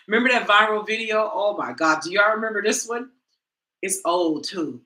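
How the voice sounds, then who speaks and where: A woman coach gives a lively motivational talk, speaking straight to her listeners in a loose, conversational way. Her voice is bright and forceful. The sound carries the echo of the room. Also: mid-range voice, moderate pace. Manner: animated, conversational, addresses audience directly. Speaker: women's coach and teacher.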